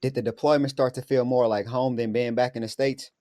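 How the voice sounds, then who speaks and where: A man's voice: medium pitch, steady tone, brisk, warm tone, no echo, clean studio sound. A man hosting an interview, asking plain, direct questions and giving short agreements. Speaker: podcast host.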